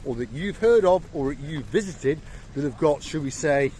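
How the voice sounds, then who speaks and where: A man's voice: a little high, normal speed, slight background noise. An English man hosting a playful travel vlog outdoors by a seaside resort, rambling and joking like a tour guide. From England. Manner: jokey, rambling, lively tour-guide patter. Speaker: vlogger host.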